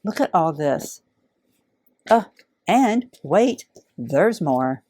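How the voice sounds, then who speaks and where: A middle-aged woman, warmly unboxing donated fabric in heartfelt, awed casual chat. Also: sits low, big pitch swings, very slow, no echo, clean studio sound. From Alabama. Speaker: quilting channel host.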